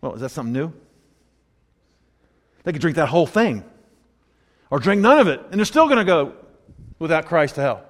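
Male pastor, sermon; conversational, wry, slightly higher voice, reverberant church hall. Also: normal speed, pauses often. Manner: conversational, wry, animated asides.

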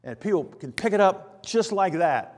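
Conversational pastor in an echoing church. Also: male voice, sits high, lively intonation, moderate pace, a little mellow. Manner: conversational, asks the congregation questions, acts out quoted chatter. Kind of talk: sermon. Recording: long reverb of a church hall.

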